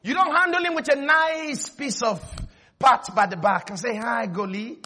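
A male pastor preaching a lively sermon, often shouting and breaking into laughter. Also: very high-pitched, normal speed. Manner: animated, shouting, laughing at his own points.

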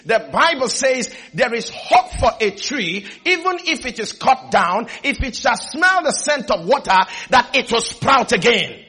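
High-voiced husky preacher man. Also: very animated, measured pace, few pauses. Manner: preaching to a congregation, calling for responses and rising to shouts. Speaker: pastor. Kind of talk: sermon.

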